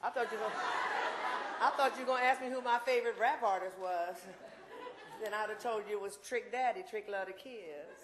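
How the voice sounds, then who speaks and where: A woman's voice: on the high side, steady tone, fast, over a noisy crowd, very noisy. Impassioned woman in her sixties, echoey hall. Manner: impassioned, blunt, rambling with asides. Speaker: invited speaker. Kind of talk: campus talk with audience Q&A. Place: university lecture room.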